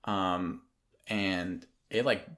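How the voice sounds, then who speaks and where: A man's voice: deep voice, fairly even intonation, drawn-out words, a bit bright. A young man telling a long personal story in casual, rambling podcast talk, full of ums and likes, mimicking people who nagged him. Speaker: podcast guest, photographer.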